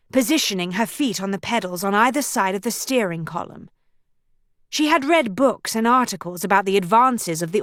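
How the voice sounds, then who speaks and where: A woman narrating an audiobook in measured, even storytelling, recorded on a studio microphone. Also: medium pitch, no room sound. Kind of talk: scripted narration.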